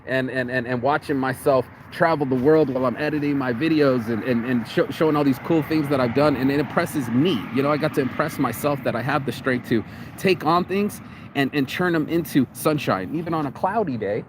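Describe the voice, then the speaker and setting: An American man talks straight into a phone camera outside on a cold day, rambling and swearing freely. He restarts and repeats his words often, in a voice of middling pitch. Faint street noise sits behind him. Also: fairly quick. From United States. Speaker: vlogger. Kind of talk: casual vlog monologue.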